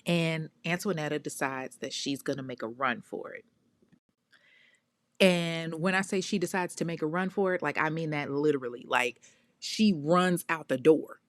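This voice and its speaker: In a fairly low voice at a moderate pace, a woman recounts a true crime case bluntly and casually, with plenty of profanity and emphatic asides. The recording is close and dry, with no room sound.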